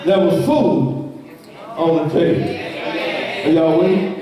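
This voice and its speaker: A man preaching a sermon to his congregation, calling for responses and sliding into shouted, sung cadence. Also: fairly high pitch, normal speed, pauses often, a crowd in the background. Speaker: pastor. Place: church sanctuary. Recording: echoey church hall from far off.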